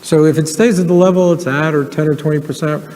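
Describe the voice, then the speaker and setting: A man who is a hedge fund manager, speaking as a guest in an onstage conversation and telling stories in a relaxed way with many fillers. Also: fairly high pitch, fast. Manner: storytelling, relaxed, frequent fillers. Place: event stage. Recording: live hall reverb, faint ambience.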